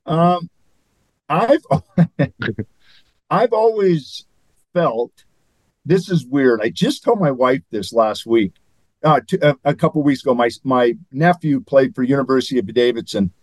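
A man's voice: mid-range voice, lively intonation, a little slow, long pauses, dry recording, poor audio. An older man, a former athlete and guest, telling stories in a rambling, chuckling way. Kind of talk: anecdotal interview storytelling.

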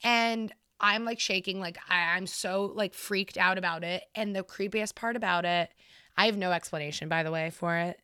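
A woman in her twenties, a podcast co-host, telling a story in a casual, animated and heavily profane way. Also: on the low side, moderate pace, clean tone, no echo, studio quality.

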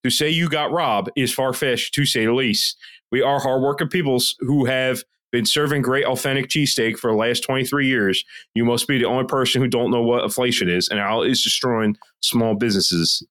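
A man's voice: mid-range voice, moderate pace, a bit bright. A man co-hosting a casual podcast, ranting with a lot of swearing and reading reviews aloud. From Philadelphia area. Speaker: podcast co-host.

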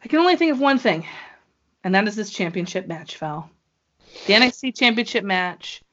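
A woman co-hosting a casual podcast chat, talking in an excitable, gushing way. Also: medium pitch, moderate pace, lo-fi sound. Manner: excitable, gushing fan talk. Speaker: wrestling show co-host.

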